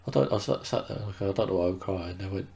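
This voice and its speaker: A man with a very low, gravelly voice, warm and dark in tone. He talks in a halting, hesitant way, restarting his sentences often. There is a faint hiss in the background. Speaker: interview guest. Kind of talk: candid conversation.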